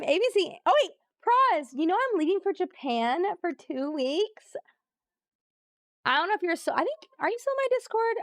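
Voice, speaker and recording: Her voice sits high, captured at studio quality without echo. A live streamer, she plays a trivia game, reads clues aloud, laughs easily and keeps up relaxed banter with her viewers.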